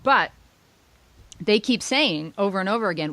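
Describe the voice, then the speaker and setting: A woman co-hosting a casual political chat podcast, sarcastic and quick to mock opposing views in asides. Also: mid-range voice, lively intonation, fairly bright tone. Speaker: podcast co-host.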